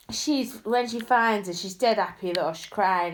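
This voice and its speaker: A woman's voice: mid-range voice, normal speed, hardly any pauses, a little hiss or hum. A young woman chatting casually to a phone camera, telling a gossipy story. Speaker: vlogger. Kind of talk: casual chat.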